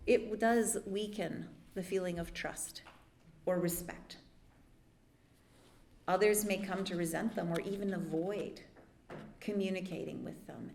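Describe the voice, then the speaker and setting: A woman therapist giving a workshop talk, explaining calmly with lively asides. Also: mid-range voice, echoey room. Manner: calm explanatory teaching with lively dramatic asides. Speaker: therapist leading a church workshop.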